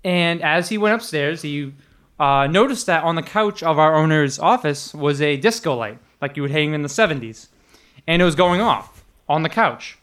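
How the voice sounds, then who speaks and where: Young guy telling work stories, bit high voice, laughs a lot, does the voices. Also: animated, moderate pace, a bit bright. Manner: laughing storyteller, acts out quotes in a higher voice. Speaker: podcast co-host telling restaurant stories. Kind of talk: casual chat.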